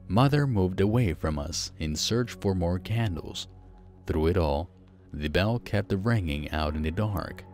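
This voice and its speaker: A man narrating a first-person horror story, slow, hushed and suspenseful. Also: low voice.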